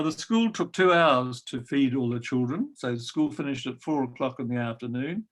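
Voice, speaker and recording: Older guy spinning wry old stories, bit of gravel in the voice, lots of ums. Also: medium pitch. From New Zealand. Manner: gentle, wry storytelling with frequent ums. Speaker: guest storyteller. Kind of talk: reminiscing anecdote.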